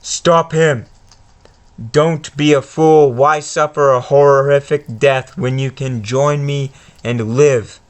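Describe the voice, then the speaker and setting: A man reading out a sinister male wizard villain's lines from a game, slow and a little louder than his usual talk. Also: mid-range voice, steady tone, clean tone, close to an everyday voice. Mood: menacing. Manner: reads game dialogue aloud slowly.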